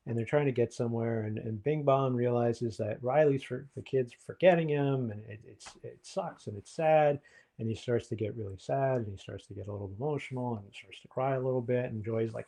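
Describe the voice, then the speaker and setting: A man's voice: medium pitch, a little fast, creaky, dark tone. A man, a therapist co-hosting a podcast, explaining things in a reflective, casual way with frequent ums.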